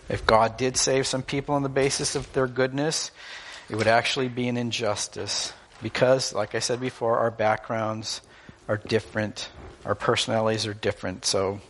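A man's voice: on the low side, vocal fry, fairly bright tone, slightly rough. A man preaching a sermon in an earnest, emphatic way, teaching through stories and illustrations.

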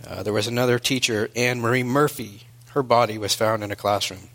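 A male preacher delivering a sermon in an earnest storytelling manner, moving between hushed and emphatic. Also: mid-range voice, fairly even intonation, fairly quick.

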